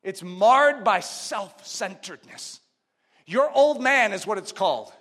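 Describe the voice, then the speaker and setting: High, bright-voiced preacher man. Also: expressive, a little slow. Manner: swings from loud shouted emphasis to hushed low asides; repeats phrases in rhythmic build-ups. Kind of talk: sermon.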